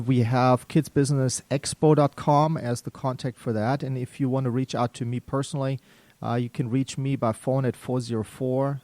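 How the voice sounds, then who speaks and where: A man with a German accent hosting a business radio show, talking in a relaxed way with many fillers. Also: mid-range voice, no room sound. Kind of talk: casual radio talk. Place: radio studio.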